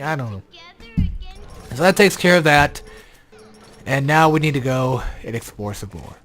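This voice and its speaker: A man's voice: mid-range voice, lively intonation, moderate pace, pauses often, a bit bright, soft background music. A young man giving casual, rambling gameplay commentary, tired and yawning, swearing often and turning exasperated, with an odd robotic glitch on his voice. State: sleepy, yawning. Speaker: game guide commentator.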